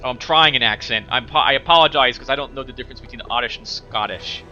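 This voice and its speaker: A man's voice: mid-range voice, fast talker, sharp tone, dull audio, soft background music. A man hosting a game playthrough, reading the text aloud and apologetic and stumbling over words. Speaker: let's play host.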